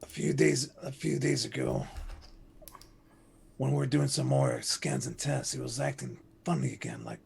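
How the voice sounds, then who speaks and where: A man's voice: medium pitch, creaky, darkish tone, slight background noise. A man voicing a stern male starship captain, grave and commanding. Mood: worried.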